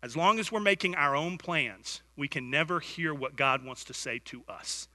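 A man preaching a sermon as pastor, telling stories with lively swings from hushed to loud. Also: fairly high pitch, moderate pace. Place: church sanctuary. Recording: church hall reverb.

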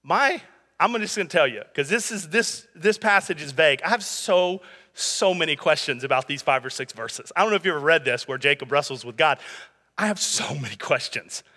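High, bright-voiced man preaching in a hall. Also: lively intonation, fairly quick. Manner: conversational preaching with humor and asides. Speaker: pastor. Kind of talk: sermon.

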